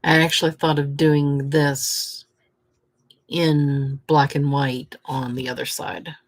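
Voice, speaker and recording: Woman host narrating her painting in a slow, unhurried ramble, talking to herself as she works. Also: very deep voice, little pitch movement. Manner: muttering to herself, hesitant and chatty. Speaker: craft video host. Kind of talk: casual talk while painting.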